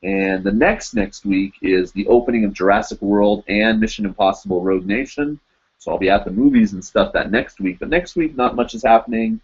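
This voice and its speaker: A man's voice: fairly low pitch, lively intonation, fairly quick, breathy edge, dull audio. A man hosting a live web show, chatting casually with viewers and reading their comments, rambling with many fillers and frequent laughs. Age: adult, teaches in Japan.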